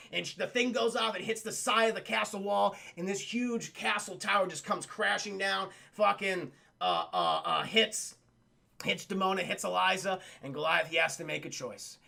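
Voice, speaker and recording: A man giving casual, profane, animated stream commentary while reviewing a cartoon for his chat. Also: high-pitched, normal speed, gravelly.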